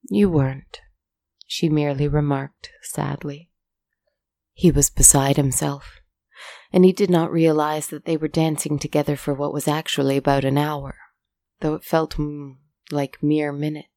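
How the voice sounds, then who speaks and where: A woman narrating a fairy tale aloud in a measured, soft-spoken way. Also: sits low, level tone, no room sound. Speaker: storyteller.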